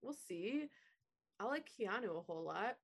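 A woman's voice: mid-range voice, expressive, moderate pace. A woman co-hosting a movie podcast in casual chat, chatty and self-deprecating. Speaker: podcast co-host.

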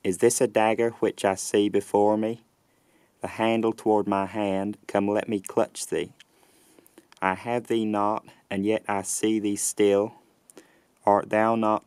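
A man reciting a brooding Shakespearean soliloquy in a rural Southern US accent, slow and deliberate. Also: lowish voice, a little mellow, smooth, no room sound, close to an everyday voice. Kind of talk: dramatic verse reading.

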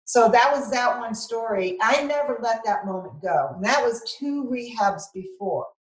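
A middle-aged woman, a mother, telling a personal story in conversation, earnest and halting, often restarting her sentences as the emotion comes through. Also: a little high, lively intonation. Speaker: mother of son in addiction recovery, guest. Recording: roomy echo.

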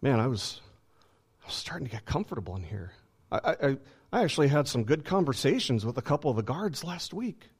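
A man voicing a complacent male prisoner who mumbles halting, offhand excuses in a low, quick voice. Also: big pitch swings, slightly rough. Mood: reluctant.

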